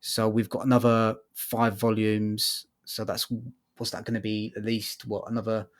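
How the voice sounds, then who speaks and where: A man's voice: on the low side, flat delivery, moderate pace. A man co-hosting a casual podcast, talking thoughtfully and hesitantly with many ums. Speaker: podcast co-host. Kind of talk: casual chat.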